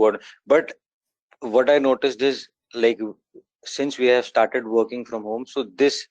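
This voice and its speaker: A man's voice: medium pitch, darkish tone, no echo. A man, a student answering politely in an online class discussion. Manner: polite, addresses teacher as sir. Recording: dull lo-fi call audio.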